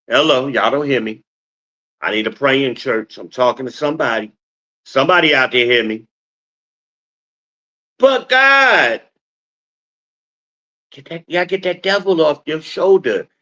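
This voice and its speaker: A middle-aged man hosting his own stream, talking in an animated, scolding, preacher-like way. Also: mid-range voice, moderate pace, long pauses, highs cut off. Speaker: podcast host. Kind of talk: casual streamed monologue, preaching.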